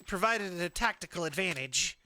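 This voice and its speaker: High, bright-voiced male streamer. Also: expressive, normal speed. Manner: chatty, joking, many "like" fillers. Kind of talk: casual gaming commentary. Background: game music.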